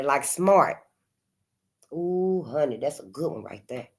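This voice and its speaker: A woman hosting her channel, talking in impassioned commentary with frequent cussing and sudden swings from loud outbursts to quiet asides. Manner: emphatic, colloquial, cusses freely, swings between loud outbursts and low asides. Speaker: channel host.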